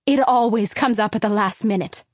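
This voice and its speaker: A woman voicing an angry, fed-up mother in an audiobook, speaking loudly and emphatically. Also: medium pitch, normal speed, dry recording, studio quality, close to an everyday voice. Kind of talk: audiobook character reading.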